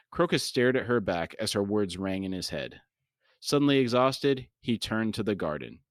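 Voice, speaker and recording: A man's voice: on the low side, no room sound, studio quality. A man co-hosting a book podcast, reading a fantasy novel aloud in a plain voice and chatting casually between passages. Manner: plain, lightly voiced read-aloud, laughs often.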